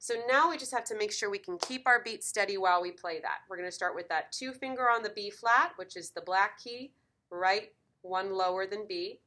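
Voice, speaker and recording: A woman's voice: medium pitch, moderate pace, bright, forceful tone. A woman teaching piano in a lesson video, encouraging and counting beats aloud.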